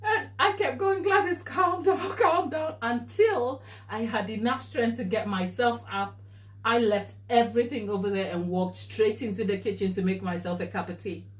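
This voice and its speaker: A woman cake baker telling a story during a live tutorial, animated and expressive and laughing as she talks. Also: medium pitch, normal speed. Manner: animated, expressive, often laughing mid-sentence. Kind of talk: casual anecdotal storytelling. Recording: echoey room, voice distant from mic.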